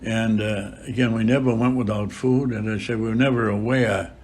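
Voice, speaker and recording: A man of about a hundred, a priest recalling his life in an interview, unhurried, with frequent filler pauses. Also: on the low side, steady tone, darkish tone. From Boston area, USA. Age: about 100. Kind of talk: reminiscing in an interview.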